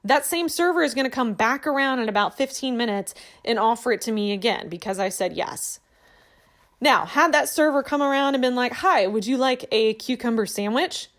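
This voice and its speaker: A woman hosting a podcast, telling a personal story in a chatty, animated way with lots of fillers. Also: a little high, fairly quick. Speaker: podcast host. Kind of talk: casual storytelling monologue.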